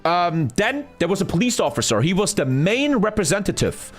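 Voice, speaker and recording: Animated man telling a story. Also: high-pitched, normal speed, faint music behind. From Germany. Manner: animated, profane, retelling with acted-out quotes. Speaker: live streamer. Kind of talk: casual storytelling on a gaming live stream.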